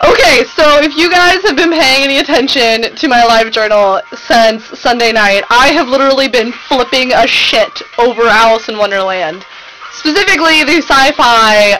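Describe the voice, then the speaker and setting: A young woman talking to her webcam at home in an excited, gushing, rambling fangirl vlog. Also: on the high side, moderate pace, low-quality recording. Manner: gushing, breathless, rambling with fillers. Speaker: vlogger. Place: home room.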